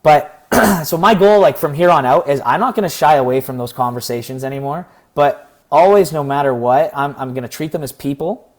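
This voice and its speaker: A young man from Canada, talking through a personal story in a casual, rambling vlog, his voice slightly hoarse. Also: fairly high pitch, brisk. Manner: earnest, rambling, acts out quoted exchanges. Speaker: vlogger.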